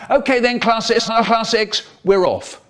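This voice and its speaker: A man doing an impression of an elderly male children's poet, telling rambling nonsense anecdotes with sudden pitch jumps. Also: normal speed, a bit bright. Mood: absurd. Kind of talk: parody storytelling.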